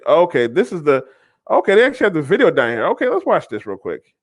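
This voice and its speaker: Blunt high-voiced male commentator. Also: wildly swooping pitch, quick pace. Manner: blunt, mocking, laughs often. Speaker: podcast host. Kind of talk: reaction commentary.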